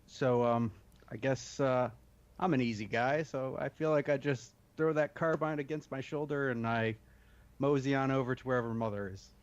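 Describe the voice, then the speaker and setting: A man plays a tabletop game in a playful, joking mood, describing what his character does. His voice is mid-pitched. The sound is dull and lo-fi. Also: steady tone, normal speed, clean tone. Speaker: player. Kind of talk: casual in-character game talk.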